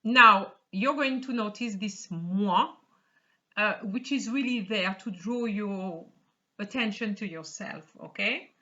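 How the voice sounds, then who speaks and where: A woman's voice: medium pitch, slow, bright, forceful tone. A woman teaching a beginner French lesson in English. She reads short French dialogue lines, then explains them patiently and often checks in with the learner. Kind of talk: slow explanatory language lesson. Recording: slightly dull lo-fi sound.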